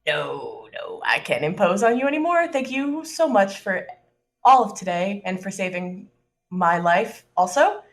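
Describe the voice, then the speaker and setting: A woman voicing a nervous, apologetic young woman in a tabletop game, speaking haltingly and softly. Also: mid-range voice, sing-song.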